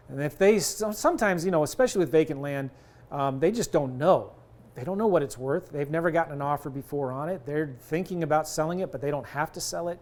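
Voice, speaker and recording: Here the real estate coach, a middle-aged man, talks fast in a voice on the high side and a little mellow. He keeps it conversational while acting out both sides of calls with sellers.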